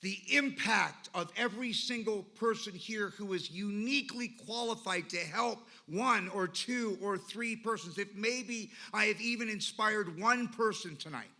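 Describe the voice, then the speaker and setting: This man talks a bit slowly, with few pauses, in a high, bright and forceful voice. His recovery talk at the meeting is told as emphatic stories built on repetition and lists.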